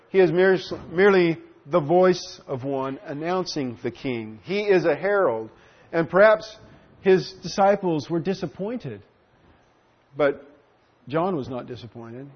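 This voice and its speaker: A man teaching through a Bible passage in an earnest, explanatory way, often pausing with fillers and restarting his sentences. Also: a little high. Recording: dull lo-fi recording.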